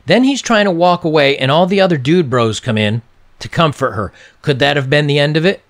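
A man's voice: on the high side, lively intonation, fairly quick. A man giving casual, sarcastic and mocking commentary on a video clip.

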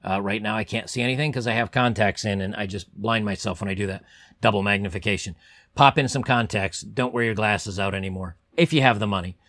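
A young man hosts his own channel, talking straight to camera in a loose, rambling way full of ums and restarts. He keeps his voice held low on purpose, giving it a slightly forced deep tone. The sound is dry and close, with no room echo. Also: a bit bright. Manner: rambling, repeats words, many ums; deliberately lowered, pushed-down voice. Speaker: channel host. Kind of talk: casual advice monologue to camera.

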